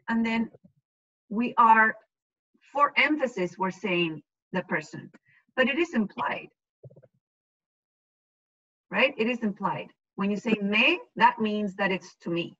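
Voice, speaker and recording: A Spanish-speaking woman teaching an online class, explaining slowly and patiently and checking often that students follow. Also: fairly high pitch, expressive, fairly bright tone. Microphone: video call. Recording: dull lo-fi video call audio.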